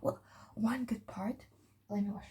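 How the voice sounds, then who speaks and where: A woman's voice: medium pitch, steady tone, unhurried, warm tone, low-quality recording. Chatty teen girl with a slight French accent. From France. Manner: chatty, rambling, often dropping to a whisper. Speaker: vlogger. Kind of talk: casual chat while doing skincare. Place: home bathroom.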